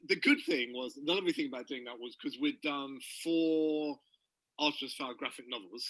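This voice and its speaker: A man's voice: medium pitch, moderate pace, a bit bright, dry recording, rough recording. A man, a co-writer, chatting casually with an old friend about their work, laughing easily and mimicking voices in his stories. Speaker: co-writer of graphic novels and guides. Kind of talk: casual chat between friends. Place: recorded video conversation.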